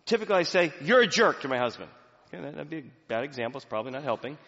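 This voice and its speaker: A man's voice: mid-range voice, very fast. Male pastor preaching in an echoey hall. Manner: conversational storytelling, animated. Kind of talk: sermon. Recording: echoey hall, dull lo-fi sound.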